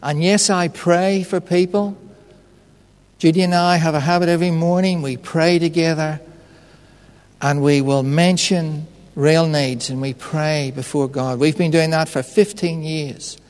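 A man's voice: a little high, steady tone, a little slow, a little mellow. A man preaching a sermon in an earnest, personal storytelling manner. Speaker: pastor. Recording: echoey hall reverb.

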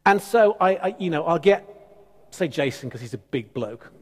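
A man preaching a sermon as pastor, emphatic and animated with conversational asides. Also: on the high side, normal speed, slightly rough. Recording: long church hall reverb.

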